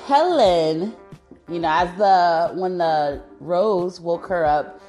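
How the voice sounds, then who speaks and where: A woman with a fairly low voice chats easily on a podcast, filling in plot points. She sounds relaxed and agreeable. Soft music sits faintly underneath. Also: slow. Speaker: podcast co-host. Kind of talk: casual chat recapping a movie.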